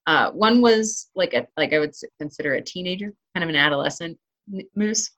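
Low-voiced chatty woman hiker. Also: fairly quick, fairly bright tone. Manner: chatty, many fillers and restarts. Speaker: interview guest, hiker and trail runner. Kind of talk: casual interview talk.

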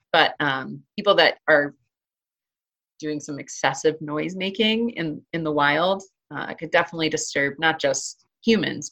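Interviewed about hiking and trail running, a woman who does both talks casually in a low but fairly bright voice. She's chatty, with lots of fillers and restarts.

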